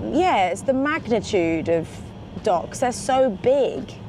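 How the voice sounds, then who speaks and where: Woman, excitable road-trip chatter, swears casually, inside a car, clear road noise behind. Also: on the high side, slow pace. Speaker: vlogger.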